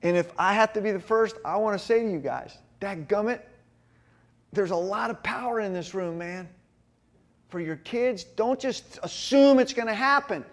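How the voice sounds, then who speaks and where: A middle-aged man giving a sermon-style talk to a men's gathering, telling personal stories in a folksy, animated way. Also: high voice, normal speed. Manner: folksy, animated storytelling with frequent asides to the group. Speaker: speaker at a men's ministry gathering.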